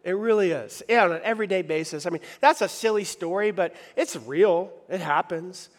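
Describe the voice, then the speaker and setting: A middle-aged man, a pastor, telling a funny personal story in a sermon, animated and conversational, often asking the audience questions. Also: sits high, moderate pace. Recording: reverberant hall.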